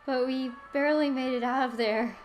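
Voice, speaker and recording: A woman's voice: sits high, steady tone, moderate pace, soft background music, close to an everyday voice, poor audio. A woman reading the lines of a modest, encouraging young heroine from a game in a friendly way.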